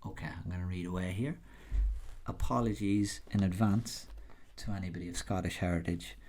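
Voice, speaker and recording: A man's voice: deep voice, moderate pace, slight background noise. A man casually introducing a classic poem, then reciting it with an attempted Scots accent. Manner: tries a Scots accent when reading the verse; chatty, relaxed introduction. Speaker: poetry reader.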